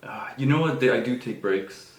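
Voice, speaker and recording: A man in his thirties co-hosting a casual podcast, relaxed and agreeable with lots of fillers. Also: mid-range voice, normal speed. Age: 30s. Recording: roomy echo with faint background noise.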